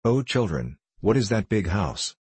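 Old lama, gentle and formal, low and husky, man reading. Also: sing-song, no room sound, heavily acted. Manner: slow, formal, archaic speech.

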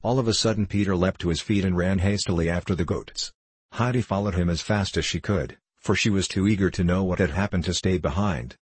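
Deep husky male storyteller. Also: dry recording. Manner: steady, measured storytelling. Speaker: audiobook reader. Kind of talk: scripted narration of a children's classic.

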